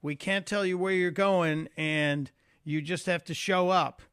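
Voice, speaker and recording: A man's voice: sits high, steady tone, unhurried, fairly bright tone, clean tone, no echo, clean studio sound. A man guest-hosting a radio call-in show, talking in a conversational, folksy way with frequent fillers. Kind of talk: talk radio monologue and call-in.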